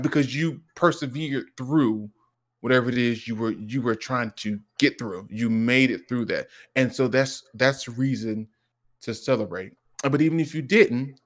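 A man's voice: mid-range voice, a little slow. A man co-hosting a podcast conversation who tells stories earnestly and acts out quoted lines. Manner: animated storytelling, acts out his son's lines; earnest and reflective. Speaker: podcast co-host. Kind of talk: casual conversation.

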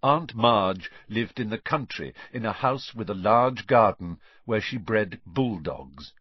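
Male audiobook narrator, lowish husky voice, lively intonation, dull dry recording. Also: slow. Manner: expressive storytelling.

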